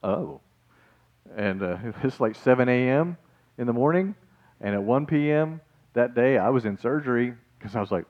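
A man preaching a sermon in a casual, animated way, calling his listeners guys and folks, swinging between loud and soft. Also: fairly low pitch, moderate pace, phone-quality sound. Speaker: pastor.

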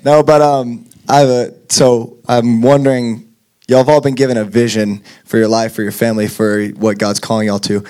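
A man's voice: medium pitch, flat delivery, moderate pace, a little mellow, clear, resonant tone. A man moderating a church panel, asking long and earnest questions. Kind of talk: panel discussion at a church conference.

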